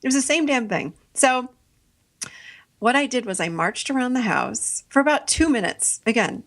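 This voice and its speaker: A middle-aged woman podcast host tells a personal story in a loose, chatty way. Her voice sits a little high, and she often breaks into laughter. She acts out what she said back then. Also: normal speed. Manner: animated, laughs often, acts out her own past lines. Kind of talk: casual conversational storytelling.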